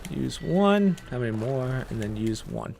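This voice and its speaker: A young man giving casual gameplay walkthrough commentary, relaxed and chatty, with frequent "uh" and "um" as he explains each step. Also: mid-range voice, measured pace, vocal fry, soft background music. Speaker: gaming guide creator.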